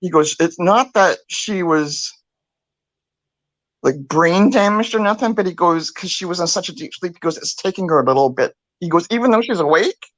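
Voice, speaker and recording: An older woman co-hosting a talk show, telling a story in a chatty, animated way, acting out what others said and swearing freely. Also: lowish voice, normal speed, no echo. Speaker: podcast co-host. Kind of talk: casual storytelling.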